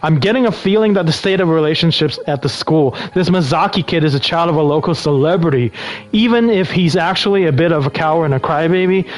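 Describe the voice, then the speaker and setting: A man's voice: a little high, brisk, low-quality recording. Man streamer reading game text aloud. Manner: relaxed, breaks off to answer chat.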